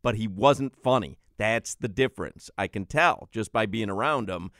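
A man's voice: fairly low pitch, normal speed, fairly bright tone, no echo, clean studio sound. A man co-hosting a sports talk show, ribbing his colleagues in casual banter with a teasing, mock-serious manner. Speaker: sports radio co-host.

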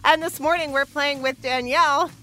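A woman's voice: high voice, fairly even intonation, bright, forceful tone. A woman co-hosting morning radio, making announcements and playing along in a quiz with a bubbly, teasing manner. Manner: bubbly, laughing, quick to tease. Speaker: radio co-host. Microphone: studio microphone.

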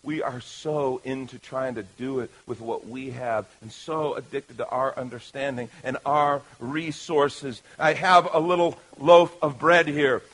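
A man preaching a sermon as pastor, lively and playful, swinging from loud calls to the crowd to quiet asides. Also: mid-range voice, rough recording.

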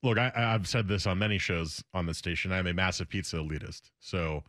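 A man's voice: sits low, fairly quick, a bit bright, no echo, clean studio sound. A young man chatting casually as a radio show host, rambling with restarts. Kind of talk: casual chat.

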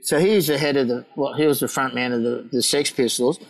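A man's voice: mid-range voice, fast, gravelly, rough recording. An Australian man telling rowdy stories in casual chat, swearing, laughing and acting out what people said. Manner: animated, swearing, laughing, acting out quoted voices.

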